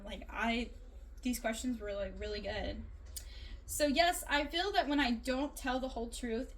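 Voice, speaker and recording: A woman's voice: a little high, a little hiss or hum. A young woman, a student, casually reflecting aloud on a class assignment in a chatty, rambling way with many fillers.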